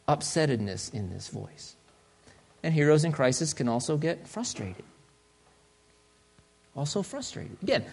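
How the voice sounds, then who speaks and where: A male pastor preaching a sermon in a conversational, joking way, swinging between loud and soft. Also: fairly high pitch, creaky, slightly rough.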